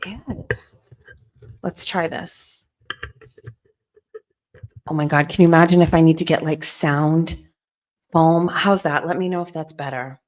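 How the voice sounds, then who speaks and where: A woman's voice: low voice, steady tone, normal speed, a little mellow. Playful chatty woman hosting a livestream. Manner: chatty, playful, greets viewers with meows. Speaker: livestream host. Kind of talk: casual livestream chat. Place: emptied bedroom at home. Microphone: desk microphone.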